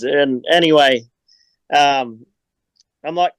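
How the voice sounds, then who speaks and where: A man's voice: fairly high pitch, a little slow, pauses often, no echo, rough recording. An Australian man chatting as a podcast guest, telling rambling stories and laughing often. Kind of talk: casual chat.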